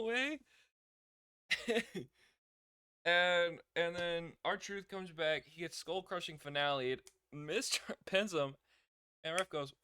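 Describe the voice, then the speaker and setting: A young man talks through a show in a relaxed, chatty way, laughing often and acting out what people said. His voice is bright and crisp. The sound is dry and close. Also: fairly high pitch, takes it slowly, dry recording. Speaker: wrestling reviewer. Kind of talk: casual show review.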